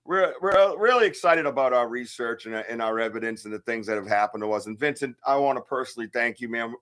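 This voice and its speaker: A man's voice: mid-range voice, fast, a bit bright. A man hosting a casual livestream podcast, hyper and joking as he reads out chat comments. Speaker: podcast host.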